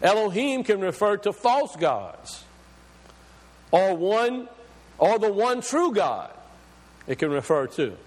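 A man's voice: sits high, sing-song, takes it slowly, pauses often. A male preacher delivering an emphatic teaching sermon, asking questions and explaining scripture word by word. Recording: long hall reverb.

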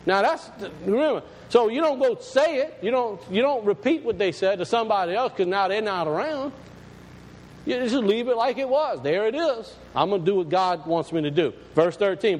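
A man's voice: high-pitched, very animated, normal speed, in a large hall, poor audio. A man, a pastor, preaching a sermon in a folksy, plain-spoken and emphatic way.

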